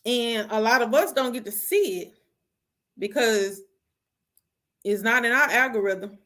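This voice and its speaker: A young woman hosting her own show, giving casual opinions on music in an animated, slangy way. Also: on the high side, a little slow. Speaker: host.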